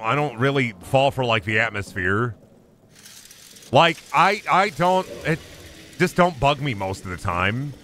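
Excitable bright-voiced young man streaming games. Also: medium pitch, a little hiss or hum. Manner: excitable, swears often, yelps and taunts the game. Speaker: gaming streamer. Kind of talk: live gameplay commentary.

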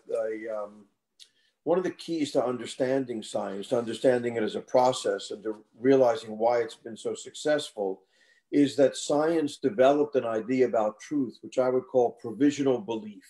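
A man's voice: medium pitch, normal speed, dark tone. An older man answering interview questions about his book in a thoughtful, conversational way, often restarting and repeating words as he thinks. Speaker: author guest.

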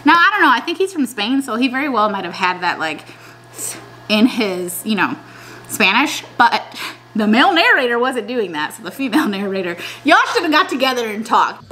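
A young woman chatting casually in a vlog, slangy and animated, often trailing off and restarting. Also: a little high, moderate pace, a little hiss or hum. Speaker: vlogger. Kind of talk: casual chat.

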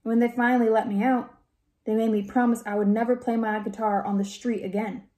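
A woman reading aloud and voicing a shy, lonely grown man who speaks softly and hesitantly in a storybook. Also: on the high side, level tone, fairly quick, lightly acted. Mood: confiding.

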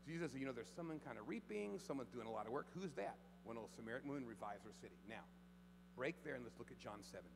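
A pastor preaching a sermon in a church, swinging from hushed storytelling to loud preaching. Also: male voice, mid-range voice, animated, quick pace, creaky. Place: church sanctuary. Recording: long hall reverb, faint mains hum.

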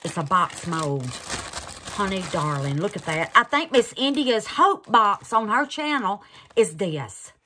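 A woman's voice: mid-range voice, lively intonation, a little slow, bright, forceful tone. A woman hosting a craft channel, unboxing gifts in casual chat and gushing over them with terms like honey and baby.

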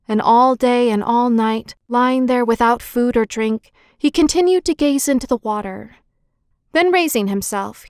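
A woman narrating an audiobook of an old myth in a measured, gentle storytelling manner. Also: a little high, no room sound, studio quality.

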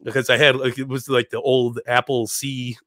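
A man in his thirties from Chicago, a podcast guest telling a story in a casual, animated way, laughing and putting on voices. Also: mid-range voice, moderate pace, dry recording, studio quality.

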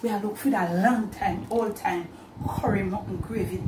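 In a home kitchen, a cooking channel host with a Jamaican accent chats straight to the camera, weaving in Patois. Her mid-range voice has a darkish tone and moderate pace, heard in a reverberant space with slight background noise.

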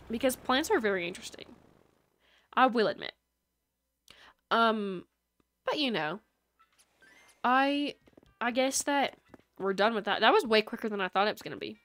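A woman's voice: mid-range voice, a bit bright, no echo. A woman livestreamer chatting casually with her chat while gaming, rambling and filling her talk with likes and ums.

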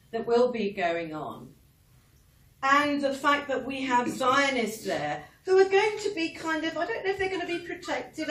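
A woman's voice: fairly high pitch, a bit bright. A woman giving an earnest speech at a political meeting, building her points with wry asides. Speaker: public speaker. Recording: echoey hall, mic from far off, faint noise.

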